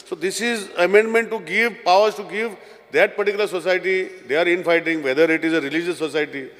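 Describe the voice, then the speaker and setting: A man's voice: high voice, quick pace, a bit bright. A man presenting a bill in a legislative debate, switching between Konkani and English and repeatedly addressing the Speaker. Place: legislative assembly hall. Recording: long reverb in assembly chamber.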